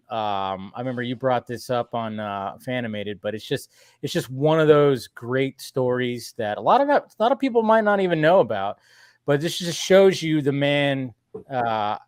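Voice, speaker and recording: A man's voice: mid-range voice, dry recording, studio quality. A man hosting a casual stream chat, enthusiastic and repeating himself as he gushes. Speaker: stream host.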